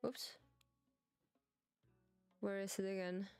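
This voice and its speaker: German-accented woman gaming streamer, slow halting english, lots of giggles, faint game music behind. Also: mid-range voice, steady tone, a little mellow, smooth, dry recording. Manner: halting non-native English, giggly, chatty with restarts. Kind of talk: casual gaming stream chat.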